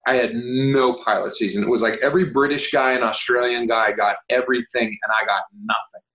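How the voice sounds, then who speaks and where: Animated man in a roomy space. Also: medium pitch, brisk. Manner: animated, swears, acts out quoted voices. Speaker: guest actor. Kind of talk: casual interview storytelling.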